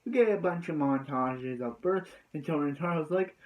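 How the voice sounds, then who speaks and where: A man's voice: on the high side, moderate pace, few pauses, darkish tone, low-quality recording. A man giving a casual, rambling recap of an anime episode, leaning on filler words like "so yeah.".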